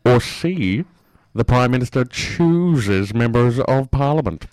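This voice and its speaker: A man hosting a mock radio quiz with a mid-pitched, lively voice. He reads the questions in a playful, mock-formal way. The sound is dry and close. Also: slow, no room sound, rough recording. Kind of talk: comedy radio sketch.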